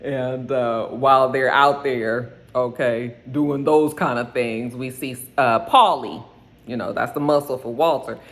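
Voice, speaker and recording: A woman giving a casual, animated recap of a TV episode in slangy talk. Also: very deep voice, unhurried. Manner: animated, slangy, acts out the characters' lines. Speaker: TV episode reviewer.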